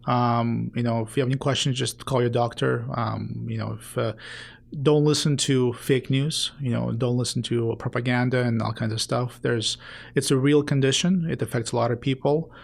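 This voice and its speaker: A male doctor guest with a gravelly, creaky edge to his voice. He speaks earnestly but haltingly, often pausing on fillers as he gathers his thoughts. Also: mid-range voice, steady tone. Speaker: sports medicine doctor, guest. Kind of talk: casual interview chat.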